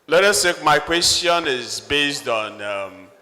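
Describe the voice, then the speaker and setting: Brief: middle-aged man, lawyer in the audience, bright sharp tone, deliberate, reverberant hall. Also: on the high side, expressive. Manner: earnest, deliberate questioner. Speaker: lawyer asking a question.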